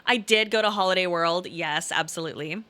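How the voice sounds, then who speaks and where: A middle-aged woman with a faint Southern Illinois twang chats casually on a live stream, reading comments aloud. Her voice is bright and forceful, and she rambles, repeats herself and throws in pleading asides. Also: lowish voice, fairly quick.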